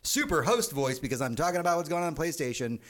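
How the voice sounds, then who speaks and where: A man hosting a casual gaming podcast, excitable, laughing often and swearing freely. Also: fairly high pitch, quick pace. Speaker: podcast host.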